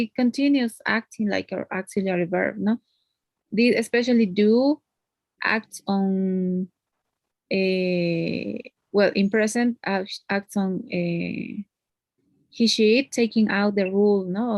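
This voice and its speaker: A woman's voice: medium pitch, darkish tone, no echo. Patient woman teaching English grammar. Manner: patient, explains step by step with frequent tag questions. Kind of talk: one-on-one grammar lesson.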